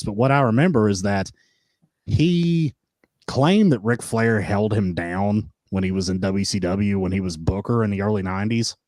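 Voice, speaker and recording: A man's voice: fairly low pitch, no echo. A man co-hosting a casual wrestling review podcast, laughing often and telling stories with energy. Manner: laughs often, animated storytelling. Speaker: podcast co-host.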